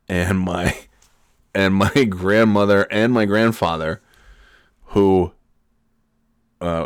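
Young guy podcaster with a deep voice, swearing and joking through a story, dry mic. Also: clean tone, no room sound. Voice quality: profane, sardonic rant. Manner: mock-earnest, laughs at own jokes. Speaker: podcast host. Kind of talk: comedic storytelling.

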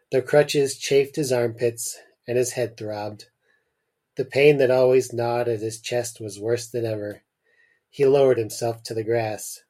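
A man's voice: medium pitch, a little mellow. A young adult man hosting a podcast, chatting casually and then reading a short story aloud with dry humor. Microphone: remote call mic.

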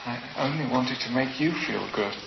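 A man's voice: mid-range voice, moderate pace, vocal fry, echoey room, muffled recording, background noise, lightly acted. An actor playing a timid young man in love who answers meekly and apologetically, heard in a film clip. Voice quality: meek, apologetic.

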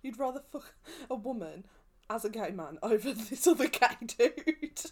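A woman's voice: on the high side, expressive, moderate pace, darkish tone. A woman chatting casually on a podcast and laughing often. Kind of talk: casual chat.

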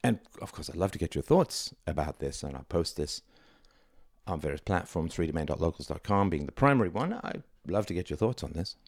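Speaking animated and fairly quick, a middle-aged man with a very low voice delivers a solo monologue on his own podcast. He's reflective and conversational, leaning hard on key words, and the recording is dry and close with no room sound.

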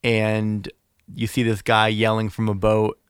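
A man co-hosting a casual podcast retells movie scenes in an easygoing way. His voice is smooth and resonant, recorded dry and close to the mic. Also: fairly low pitch, completely flat delivery, measured pace, no echo. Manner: easygoing, recounts scenes with laughs. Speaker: podcast co-host.

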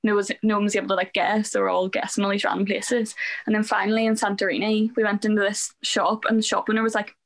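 A Northern Irish woman in her twenties co-hosting a podcast, excitable and chatting casually about travel. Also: medium pitch. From Northern Ireland. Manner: excitable, quick to laugh along. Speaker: podcast co-host. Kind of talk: casual chat.

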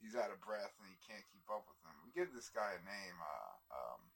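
A man co-hosting a comedy podcast, telling a rambling story in casual chat, halting with fillers and chuckling as he goes. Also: lowish voice, big pitch swings, gravelly, a bit bright, a little hiss or hum.

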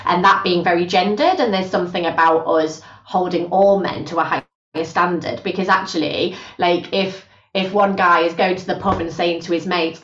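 A woman, a guest on a podcast, talking in a lively conversational way and acting out quoted voices. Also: lowish voice, moderate pace, few pauses. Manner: animated, acts out quoted voices. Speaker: podcast guest, gender justice specialist. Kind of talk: conversational interview. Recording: roomy, distant, dull podcast audio.

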